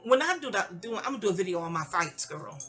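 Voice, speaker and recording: A woman, telling a personal story in a casual audio diary, animated and profane, acting out quotes with big jumps in pitch. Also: quick pace, music in the background. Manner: profane, conversational asides.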